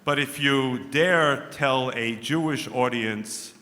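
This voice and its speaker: A man speaking as a guest at a religious service. He opens his speech with a joke and tells it in a dry, measured way. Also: medium pitch, pushed and bright, a little hiss or hum. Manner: dry storyteller, measured delivery. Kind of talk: formal speech opening with a joke. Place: synagogue sanctuary. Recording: echoey large hall with long reverb.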